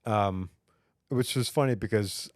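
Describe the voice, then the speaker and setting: A man's voice: fairly low pitch, unhurried, no room sound, clean studio sound. A man co-hosting a casual podcast, a rambling comic storyteller with many fillers and restarts. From United States. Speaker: podcast co-host; stand-up comic. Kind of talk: casual chat.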